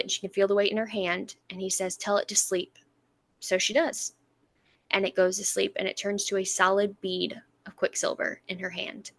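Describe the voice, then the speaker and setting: A woman's voice: mid-range voice, fairly bright tone, no room sound. A woman co-hosting a book podcast, casually retelling chapters and acting out the characters' lines with frequent laughter. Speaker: podcast co-host.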